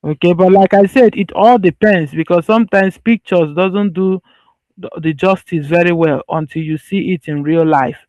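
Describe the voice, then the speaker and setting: A man with a fairly high voice teaches a medical lesson, walking through slides in loose, everyday phrasing. He circles back to repeat key points and restarts sentences as he goes. The recording is dry and a little dull and lo-fi. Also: moderate pace, a little mellow, no echo. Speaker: medical lecturer.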